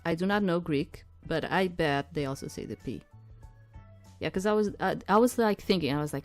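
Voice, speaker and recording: A woman who is not a native English speaker, reading a dating game aloud and chatting in rambling asides as she thinks out loud. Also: on the low side, lively intonation, brisk, faint music behind. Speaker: game streamer. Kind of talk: reading a visual novel aloud with side commentary.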